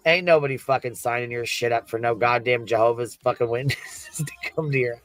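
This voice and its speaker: A man's voice: medium pitch, brisk, faint music behind, poor audio. A man streaming live, talking casually, swearing constantly and laughing through his words.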